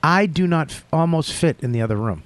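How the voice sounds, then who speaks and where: A man's voice: a little high, lively intonation, brisk, no echo. A male podcast host in casual chat who stammers, swears and throws out punchy bursts of sound.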